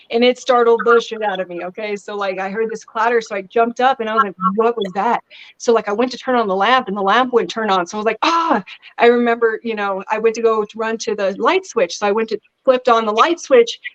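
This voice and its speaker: A woman guest talking in a casual interview, chatty and lively as she tells stories. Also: fairly high pitch, highs cut off. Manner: chatty, animated storytelling with laughs. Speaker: guest actress.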